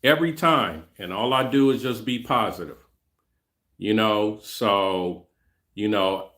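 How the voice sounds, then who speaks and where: A man's voice: on the low side, takes it slowly, fairly bright tone. A middle-aged man hosting his own channel, talking casually and rambling straight to his viewers, often repeating himself. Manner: rambling, repeats himself, speaks to chat directly. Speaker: channel host. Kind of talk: casual livestream talk to viewers.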